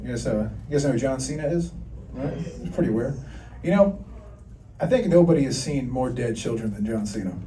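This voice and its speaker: A man's voice: mid-range voice, lively intonation, a little fast, mellow, a little hiss or hum. A man in his thirties doing a crude, self-deprecating stand-up set and riffing with the audience. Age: 30s. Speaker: stand-up comedian. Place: comedy club stage with a laughing crowd. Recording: roomy live club sound from a distance.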